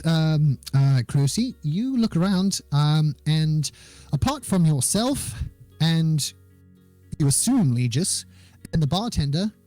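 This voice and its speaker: A man's voice: fairly high pitch, darkish tone, no echo. A man narrating as game master of a tabletop game, chatty and playful with many fillers.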